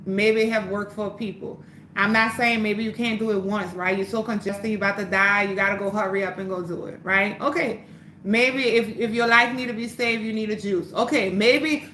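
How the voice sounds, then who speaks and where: Selling herbal teas on a casual livestream shot by phone or webcam, a New Orleans woman with a local accent fields viewer questions bluntly, profanely, and preachily, hammering phrases through repetition. Her medium-pitched voice has a sharp tone, and the sound is reverberant with slight hiss or hum.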